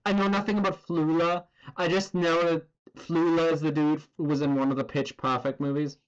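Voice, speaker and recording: A man's voice: on the high side, level tone, normal speed, clean tone, muffled recording. A man chatting casually on a drawing stream, rambling and swearing as he goes. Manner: rambling and profane, full of filler words.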